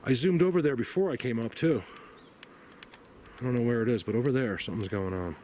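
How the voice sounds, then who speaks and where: A man vlogging outdoors in a snowy forest, emotional and awed, rambling and sometimes dropping to a hushed voice. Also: mid-range voice, a little fast, slight background noise. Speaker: vlogger exploring the woods. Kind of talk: excited outdoor vlog narration.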